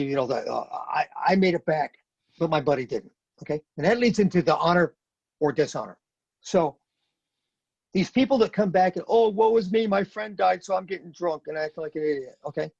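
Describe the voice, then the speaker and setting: Blunt husky veteran man. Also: fairly high pitch, darkish tone, no echo. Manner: blunt, emphatic, repeats words when stressing a point. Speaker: podcast guest, retired Marine sergeant major. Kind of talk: conversational interview talk. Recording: dry, dull lo-fi sound.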